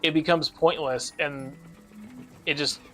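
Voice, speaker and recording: A man's voice: fairly high pitch, steady tone, slow pace, fairly bright tone. A young man rambling and ranting with frequent swearing while chatting on a casual gaming stream, with game music behind him.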